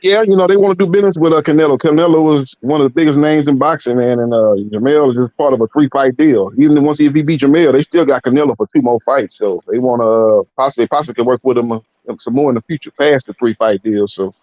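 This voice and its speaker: A man discussing boxing on a live stream in a relaxed, chatty way with lots of fillers. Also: mid-range voice, quick pace, hardly any pauses, no room sound, dull audio. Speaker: guest boxing commentator. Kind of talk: casual live-stream chat.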